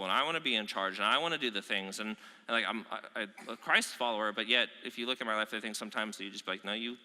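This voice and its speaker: Bright-voiced man preaching in a reverberant hall. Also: mid-range voice. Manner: candid, self-deprecating and conversational, with many "like"s. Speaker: executive pastor. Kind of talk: sermon. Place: large church auditorium.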